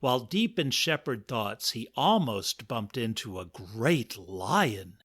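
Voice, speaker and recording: Slow, animated male storyteller. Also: medium pitch, slightly rough. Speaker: podcast host and narrator. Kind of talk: scripted comic narration.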